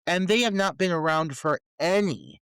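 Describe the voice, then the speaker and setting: A man's voice: sits high, lively intonation, moderate pace, a bit bright, clear, resonant tone, dry recording. A man co-hosting a movie podcast, ranting with profane disbelief about a film's plot holes in casual chat. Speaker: podcast co-host. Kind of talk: casual film review chat.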